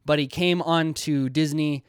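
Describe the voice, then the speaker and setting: A man's voice: a little high, steady tone, a little slow, clean tone, no echo, clean studio sound. A young man hosting a casual video essay, rambling with many "likes" and restarts.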